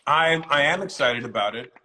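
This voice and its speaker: A middle-aged man, a comedian being interviewed, chatting casually and telling animated stories with acted-out voices. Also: medium pitch, moderate pace, slight background noise, rough recording. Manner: animated storyteller, acts out quoted voices.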